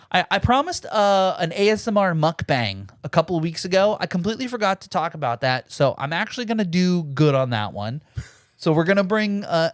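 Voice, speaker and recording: A man's voice: high voice, no echo, studio quality. A man co-hosting a podcast, rambling and joking through a casual episode outro. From American Midwest. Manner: rambling, laid-back, joking. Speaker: podcast co-host.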